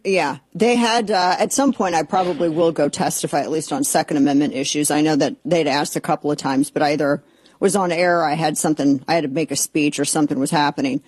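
Brief: female talk radio host, fairly low voice, exasperated and mocking, close and dry. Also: a little fast, a little mellow, husky, no echo. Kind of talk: opinionated talk radio monologue. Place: radio studio, simulcast.

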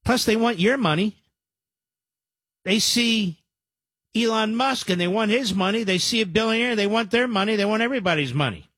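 A man's voice: high voice, moderate pace, fairly bright tone, slightly rough, no echo. A man hosting a talk radio show, combative and sarcastic, with rambling asides to his producer.

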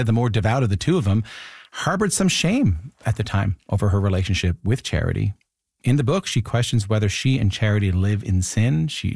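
A male radio host interviews a guest in the studio. His voice sits low and the sound is dry and close. He asks warm, probing questions and often repeats the guest's words back. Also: creaky, no room sound.

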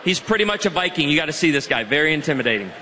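A man in his forties giving a humorous, energetic talk on marriage to students. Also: fairly high pitch, racing, slight background noise. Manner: energetic storytelling, puts on voices for jokes. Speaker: guest speaker. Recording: hall reverb with faint ambience.

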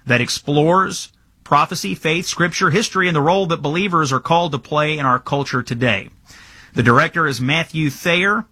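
A man's voice: a little high, bright, forceful tone, slightly rough. A man hosting a radio talk show, reading a film promo and leading into the next guest. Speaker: radio host.

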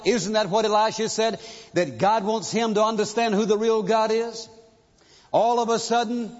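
A pastor preaching a sermon, telling a story with emphasis and asking rhetorical questions, in a dull, echoing recording from a large church hall. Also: male voice, high voice.

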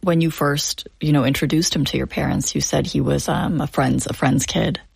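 A woman interviewer asking gentle, prompting questions in a conversational way. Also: sits low, fairly even intonation, normal speed, gravelly, slightly rough, no room sound.

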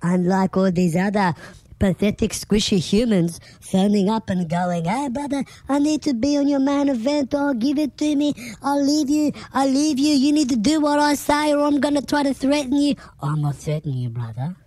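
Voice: high-pitched, lively intonation, normal speed, mellow, no room sound. A performer voicing a boastful AI robot wrestler, who talks in a brash wrestling-promo style. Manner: wrestling-promo bravado, keeps calling people brother. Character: boastful AI robot wrestler, pushy "brother" talker.

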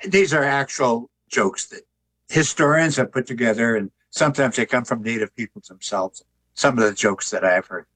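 An older man, an author and artist, talking in an interview with a relaxed, joking storytelling manner. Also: medium pitch, moderate pace, poor audio. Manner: relaxed storyteller who jokes.

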